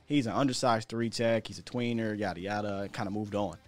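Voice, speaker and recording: A man's voice: fairly low pitch, fairly quick, soft background music. An American man hosting a sports podcast, talking in a chatty, candid way with slang and the odd chuckle. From United States. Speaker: podcast host. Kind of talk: casual sports talk commentary.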